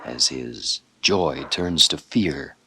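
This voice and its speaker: A man narrates a documentary in a very deep, slow, grave voice. His delivery is measured and steady, with a faint hiss behind it. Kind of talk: scripted narration.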